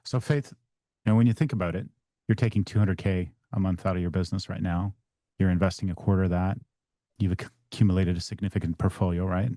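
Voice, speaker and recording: A man's voice: low-pitched, fairly even intonation, fast talker, dark tone, dry recording, studio quality. A man practicing a sales call as a trainee, hesitant and restarting often.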